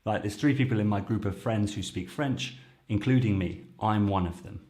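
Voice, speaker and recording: A man's voice: on the low side, normal speed, a little mellow. A man who is a native English speaker, hosting a lesson and patiently explaining phrases step by step. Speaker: French teacher and show host. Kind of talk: explaining language clips to camera.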